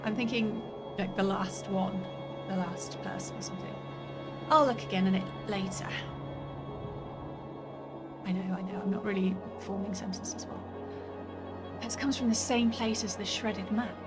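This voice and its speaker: A woman's voice: mid-range voice, fairly even intonation, normal speed, pauses often. A woman streaming a story game, thinking aloud and chatting casually as she plays. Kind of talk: let's play commentary. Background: faint game music.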